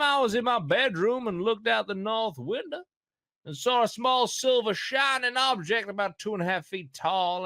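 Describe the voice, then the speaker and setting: A drawling, solemn fifty-year-old Kentucky farm woman, as a British podcast host puts her on in a raised, put-on voice. She reads her statement at a slow, deliberate pace with a stretched-out accent. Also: bright, forceful tone, no room sound, studio quality. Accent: put-on Kentucky American. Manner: slow, drawn-out reading in an exaggerated high drawl. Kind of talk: comic read-aloud on a podcast.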